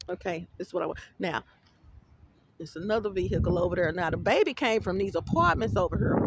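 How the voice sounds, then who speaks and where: A woman's voice: medium pitch, creaky, noisy background. A woman giving a rambling casual vlog monologue. She tells her stories bluntly and profanely, with plenty of animation. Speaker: vlogger.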